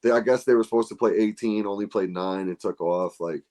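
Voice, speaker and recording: Low-voiced podcast host guy, casual chat, animated stories, swears a lot. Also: a little fast. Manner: animated storyteller, swears freely.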